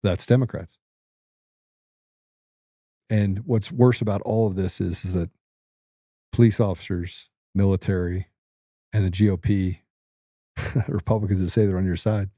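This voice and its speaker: A man's voice: sits low, dark tone, dry recording, clean studio sound. A middle-aged man hosting political commentary, blunt, combative and emphatic. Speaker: host.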